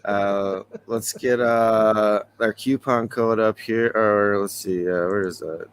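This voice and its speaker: A man's voice: fairly low pitch, steady tone, slow, smooth. A man hosting a casual podcast, talking loosely and rambling with frequent chuckles. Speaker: podcast host.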